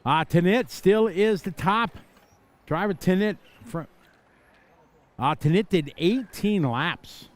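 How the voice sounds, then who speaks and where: Excitable middle-aged man calling live races. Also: sits high, slow, pauses often. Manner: excitable, chatty, laughs and shouts at crashes. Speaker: race commentator. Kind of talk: live play-by-play commentary. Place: outdoor racetrack.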